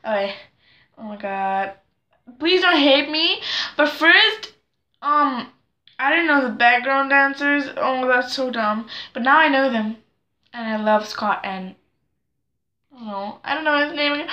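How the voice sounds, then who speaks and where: A teenage girl chatting to camera at home in an excitable, rambling, self-deprecating way. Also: high voice, unhurried, long pauses, roomy sound. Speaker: vlogger. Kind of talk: casual chat to camera.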